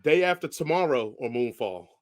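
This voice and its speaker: A man co-hosting a podcast, chatting casually about movies, who often agrees with quick repeated words and laughs along. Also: mid-range voice, animated, no echo. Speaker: podcast co-host. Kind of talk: casual movie review chat.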